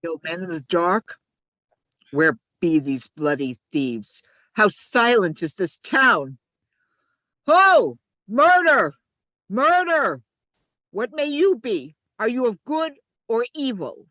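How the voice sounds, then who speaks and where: Playing a scheming male ensign, a woman swings between urgent shouts and hushed asides during an amateur play reading. The performance is heavily acted, sing-song and slow, with no echo.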